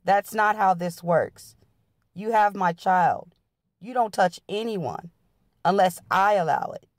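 A man's voice: sits high, slow pace, dry recording, studio quality. A woman reading a volatile, controlling man's lines in a memoir, barking threatening demands. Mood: menacing. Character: volatile, controlling adult male music mogul boyfriend.

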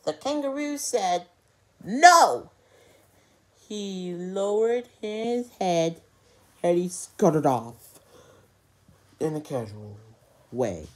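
A woman's voice: on the low side, lively intonation, slow, pauses often, mellow. Hesitant woman telling a toy story. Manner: hesitant, with fillers and slips. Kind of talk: improvised children's story narration.

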